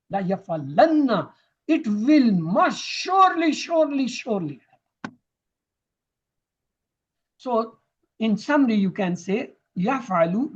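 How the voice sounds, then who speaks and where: A man teaching Arabic verb grammar for Quran study, explaining slowly and repeating words for emphasis. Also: high voice, breathy edge. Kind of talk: classroom lesson. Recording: dull lo-fi recording.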